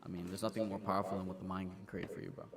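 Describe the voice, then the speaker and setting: A man's voice: low voice, little pitch movement, very fast. A young man co-hosting a podcast, chatting in a laid-back way and musing about dreams and the mind. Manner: laid-back, chimes in, muses at length. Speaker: podcast co-host. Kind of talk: casual chat.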